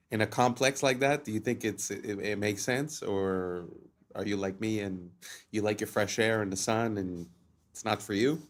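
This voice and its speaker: A man's voice: on the low side, moderate pace. A man hosting a reaction video, musing aloud with a hesitant, restart-filled manner and talking straight to his viewers. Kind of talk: casual reaction commentary.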